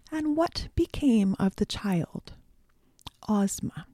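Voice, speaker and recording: Gentle stern sorceress, pitched up and measured, read by a woman narrator. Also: dry recording, studio quality, exaggerated voice. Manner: gentle, firm, raised pitch.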